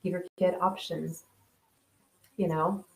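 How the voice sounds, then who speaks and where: A woman's voice: fairly low pitch, flat delivery, takes it slowly, creaky. Chatty woman in a roomy echo. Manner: chatty, thinks aloud with many restarts and "right?". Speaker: host of a mindfulness talk reading viewer comments. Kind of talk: casual live-stream chat.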